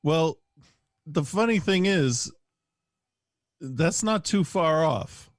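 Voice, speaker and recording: A man's voice: a little high, animated, takes it slowly, no echo. A man co-hosting a podcast, chiming in with short, dry, wry remarks in casual chat. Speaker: podcast co-host.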